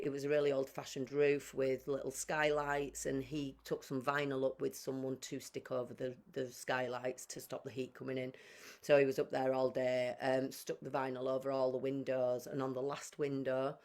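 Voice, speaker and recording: A woman's voice: very deep voice, little pitch movement, normal speed, darkish tone. A woman in her thirties speaks openly about her life as a guest on a podcast. She tells it with raw emotion, slipping into the voices of people from her past as she goes. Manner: emotional, acts out past conversations. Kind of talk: personal storytelling.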